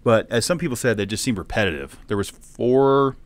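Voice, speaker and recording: A man hosting a podcast, chatting in a rapid, rambling way with many restarts. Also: medium pitch, animated. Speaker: podcast host. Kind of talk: casual chat.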